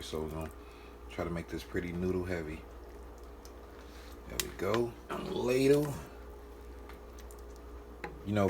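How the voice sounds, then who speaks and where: A man's voice: sits low, background noise. A man in his home kitchen, playfully talking his nephew through a home-cooked meal in a casual cooking vlog. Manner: playful, joking, with drawn-out sounds and soft asides.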